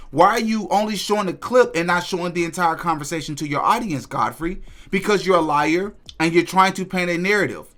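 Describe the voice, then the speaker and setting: Podcast host, man, bright and forceful, emphatic opinion commentary. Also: high voice, a little fast. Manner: indignant, emphatic.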